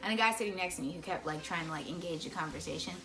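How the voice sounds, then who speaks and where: A woman's voice: lowish voice, racing, over music. A young woman vlogger at her parents' home, chatting casually through a story time with lots of "like" and "right?".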